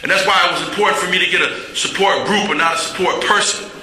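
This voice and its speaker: A man's voice: high voice, steady tone, fast talker, bright, forceful tone, a little hiss or hum. Candid man speaking in an echoey hall. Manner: candid, plainspoken storytelling with humor. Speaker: recovery meeting speaker. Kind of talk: personal recovery talk.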